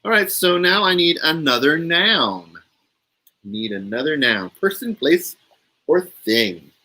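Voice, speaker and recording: Slow, lively-voiced male live streamer. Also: on the high side, low-quality recording. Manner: playful, laughs often, chatty with viewers. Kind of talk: casual live stream chat, running a word game.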